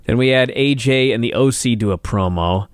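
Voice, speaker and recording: A man's voice: medium pitch, normal speed, clean tone, dry recording, clean studio sound. A man co-hosting a podcast, giving a wry, running rundown of a wrestling show's segments in casual chat. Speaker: podcast co-host.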